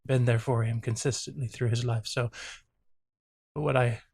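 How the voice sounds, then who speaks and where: A man's voice: mid-range voice, steady tone, normal speed, creaky, darkish tone, husky, no room sound. A man who is a therapist and host, giving earnest, reflective reaction commentary and openly saying when he is moved.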